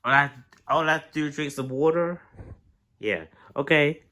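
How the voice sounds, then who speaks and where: A man's voice: on the high side, moderate pace, sharp tone. A man voicing a plush-toy plumber hero who keeps gasping with hiccups in a homemade skit. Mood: eager.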